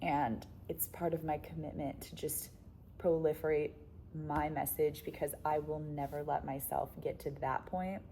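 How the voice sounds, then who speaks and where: A young woman with a low-pitched voice speaks candidly to camera, coaching viewers on relationships. She is chatty and blunt, peppers her talk with "like," swears freely and laughs often. A faint hiss sits under the recording. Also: steady tone, normal speed, dark tone. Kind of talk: candid casual monologue to camera.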